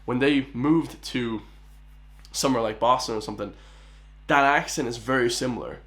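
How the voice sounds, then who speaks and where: An excitable young Irish man with a clear Irish accent talks casually over a video he is reacting to. His delivery is chatty and loose, packed with filler words and quick asides, at an ordinary middle pitch. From Ireland. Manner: chatty, excitable, full of likes and bros. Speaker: reaction channel host.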